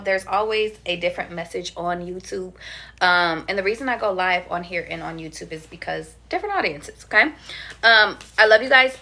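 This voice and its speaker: A woman's voice: medium pitch, sharp tone. A young woman giving a casual livestream tarot reading, chatty and slangy, swearing casually. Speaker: tarot reader.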